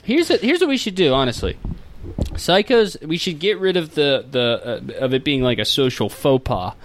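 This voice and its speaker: A man's voice: a little high, big pitch swings, normal speed, a little hiss or hum. A man reading and riffing in casual comedic chat, sarcastic and laughing often.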